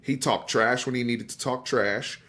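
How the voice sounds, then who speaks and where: A man hosts a casual sports debate on a live stream, speaking in a medium-pitched, slightly bright voice with fairly even intonation and normal speed. He talks emphatically straight to viewers, repeating and restarting words as he gets going.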